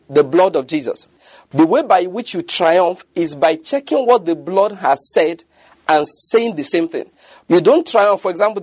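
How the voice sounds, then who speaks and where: Husky preacher, emphatic. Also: male voice, high-pitched, dry recording. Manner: emphatic, keeps asking if listeners follow. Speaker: pastor. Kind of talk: sermon.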